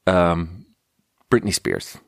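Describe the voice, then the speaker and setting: A man's voice: deep voice, big pitch swings, drawn-out words, gravelly, dry recording, clean studio sound. A young man hosting a podcast, talking in a meandering, self-interrupting way with casual swearing. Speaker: podcast host. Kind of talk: rambling casual monologue.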